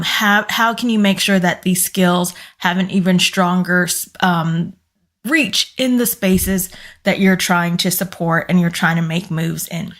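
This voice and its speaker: Hoarse woman giving earnest business encouragement. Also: medium pitch. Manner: earnest, encouraging, with fillers and small restarts. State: hoarse, losing her voice. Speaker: business coach and former corporate employee. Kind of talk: casual motivational talk to camera.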